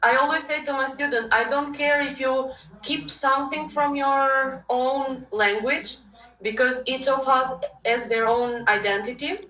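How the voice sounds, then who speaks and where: A woman with an Albanian accent teaches a language lesson, repeating each word patiently for her student to copy. Her voice is bright and fairly high. The room around her sounds echoey. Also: fairly even intonation, a little slow, recorded from a distance.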